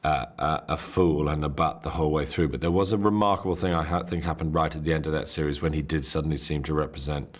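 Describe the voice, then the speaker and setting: A man reflecting thoughtfully in an interview, measured with small hesitations. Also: a bass voice, fairly even intonation. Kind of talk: interview commentary.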